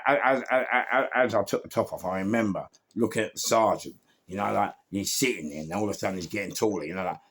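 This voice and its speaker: A middle-aged man with a London accent, telling his life story in an animated, rambling way, full of street slang and acted-out quotes. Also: low voice, a little hiss or hum. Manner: acts out other people's lines, laughs at his own story.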